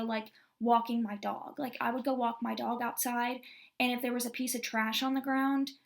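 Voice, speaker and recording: Vlogger, woman, 20s, from Texas. Slightly high voice with heavy vocal fry. Candid and rambling, lots of "like.". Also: a bit bright. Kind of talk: personal story vlog.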